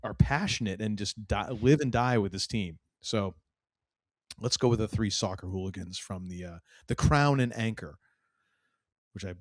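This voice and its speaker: A man's voice: on the low side, normal speed, no room sound, studio quality. A man co-hosting a podcast, chatting casually and enthusiastically about a TV show, acting out quotes and laughing often. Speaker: podcast co-host. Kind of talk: casual TV recap chat.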